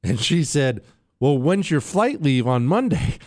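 A man telling a travel story on air, animated and sarcastic, swinging between loud and quiet. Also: on the high side, measured pace. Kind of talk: storytelling monologue.

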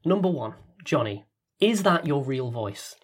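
A man hosting a question session, reading out questions in a measured, steady way. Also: medium pitch. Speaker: podcast director and interviewer.

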